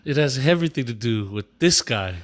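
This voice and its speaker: A man co-hosting a casual podcast, telling stories in an animated way, laughing often and swearing. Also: mid-range voice, fairly quick. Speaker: podcast co-host. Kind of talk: casual chat.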